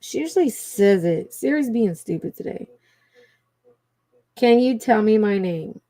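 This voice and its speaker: A woman's voice: mid-range voice, animated, measured pace, dark tone, no room sound. A woman with a Cajun accent chatting casually with viewers on a livestream, laughing often and calling them y'all. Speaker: livestream host. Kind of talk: casual live chat with viewers.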